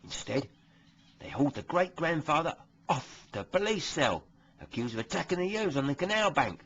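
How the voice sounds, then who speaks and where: A smug, bigoted police constable, played by a man, gossips through a comic monologue, forever nudging the listener with tag questions. His voice sits fairly high and sounds husky. It comes through a dull, lo-fi recording. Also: big pitch swings, moderate pace, a bit bright, heavily acted.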